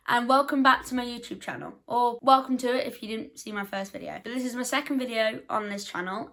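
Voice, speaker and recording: A young woman chatting to camera as a book vlogger. She talks in a self-deprecating way and fires off quick, defensive asides. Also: on the high side, bright, forceful tone. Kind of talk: casual chat to camera.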